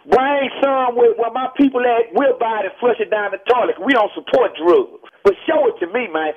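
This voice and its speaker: A man with a Texan Southern accent, calling in as a guest to a radio interview and talking emphatically, sounding tinny over a phone line. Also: sits high. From Texas. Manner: emphatic, preachy, keeps repeating "man". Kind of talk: heated call-in radio interview. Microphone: telephone.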